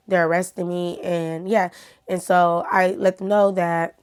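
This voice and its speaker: A woman's voice: on the low side, level tone, measured pace, a little mellow, smooth. A woman YouTuber chatting casually to her viewers while telling a personal story. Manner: chatty, talks straight to viewers.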